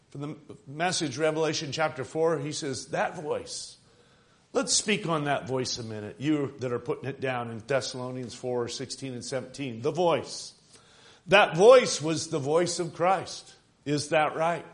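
A man preaching a sermon, stressing phrases with swings of loudness and calling out questions to the congregation. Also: a little high, a little slow. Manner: emphatic, rising and falling for emphasis, calls out to the congregation.

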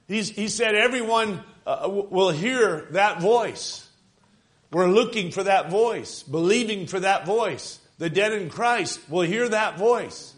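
A man preaching a sermon, stressing phrases with swings of loudness and calling out questions to the congregation. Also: high voice, animated, slow. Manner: emphatic, rising and falling for emphasis, calls out to the congregation.

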